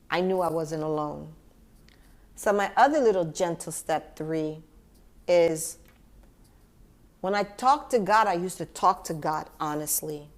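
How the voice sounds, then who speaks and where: A woman hosting a podcast, speaking gently and from the heart to the listener as a grieving mother reflecting on loss. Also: on the low side. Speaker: podcast host. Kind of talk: personal reflective monologue.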